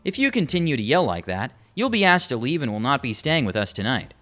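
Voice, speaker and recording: Man plays a patient, firm front-desk supervisor with a lively delivery. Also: medium pitch, fairly quick, soft background music. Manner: polite, firm, procedural.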